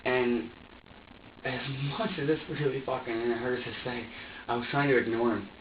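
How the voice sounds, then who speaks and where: A man's voice: medium pitch, steady tone, normal speed, slight background noise. A young man under police interrogation, confessing in an agitated, profane way, stammering and repeating himself. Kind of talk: emotional confession. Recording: echoey distant lo-fi interrogation room recording.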